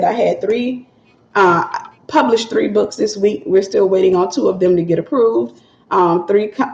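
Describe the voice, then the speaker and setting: Sleepy woman on a morning livestream, gravelly fry, repeats stuff a lot, muffled audio, echoey room. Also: medium pitch, a little mellow. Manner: chatty, repeats phrases, greets viewers. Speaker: livestream host and publisher. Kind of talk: casual morning livestream talk.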